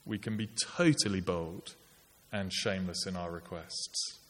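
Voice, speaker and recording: A man's voice: deep voice, unhurried. A middle-aged man preaching a sermon in a conversational way with wry asides. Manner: conversational, wry asides with put-on polite voices. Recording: long hall reverb.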